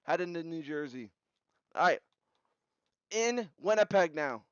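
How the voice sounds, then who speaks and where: Young guy calling sim hockey scores, kinda high clean voice, dry slightly muffled mic. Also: measured pace, clear, resonant tone, no echo. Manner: rattles off scores in short bursts, excited at big goals. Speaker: video game simulation commentator. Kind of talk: play-by-play recap commentary. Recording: slightly dull lo-fi audio.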